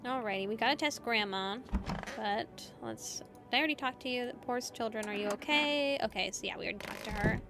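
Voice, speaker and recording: A woman streamer talks her way through a game, chatting playfully with the characters on screen. Her voice sits somewhat high. Faint music plays underneath. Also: brisk. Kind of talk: casual game commentary.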